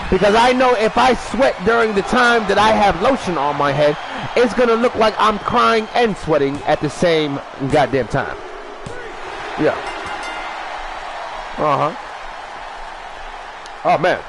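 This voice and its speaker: A man hosting a wrestling show, shouting a rambling profane comic monologue, stuttering at times and eating while he talks. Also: sits high, unhurried, gravelly, long pauses, crowd noise, background noise. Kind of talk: loud profane comedic monologue.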